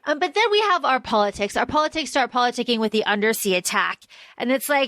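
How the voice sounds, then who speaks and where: A woman's voice: on the high side, lively intonation, fast talker, bright, forceful tone, dry recording. A woman co-hosting a casual book podcast, chatty and swearing freely as she acts out characters' lines. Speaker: podcast co-host.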